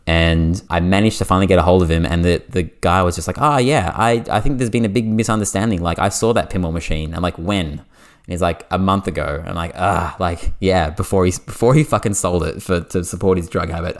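An Australian man hosting a podcast, telling a story in casual chat, animated and full of "like" fillers. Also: low voice. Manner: animated, fast anecdote with lots of "like" fillers. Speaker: podcast host.

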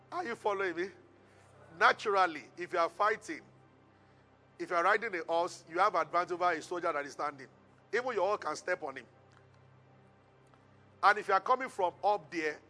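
A man preaching a sermon as pastor, retelling a Bible story with lively call-and-response to the congregation. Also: high voice.

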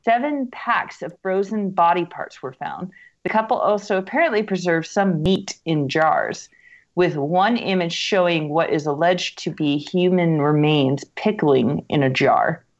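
A woman's voice: fairly low pitch, measured pace, dull audio. A woman co-hosting a casual podcast, reading a news article aloud, stumbling over foreign names and adding dry sarcastic asides.

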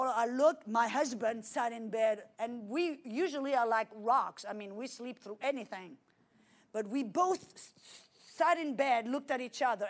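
A middle-aged woman with a French accent delivers a sermon testimony, her voice sitting a little high. She tells the story with vivid energy, rising loud and dropping to near hush. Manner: animated storytelling with dramatic swings in loudness. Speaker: preacher.

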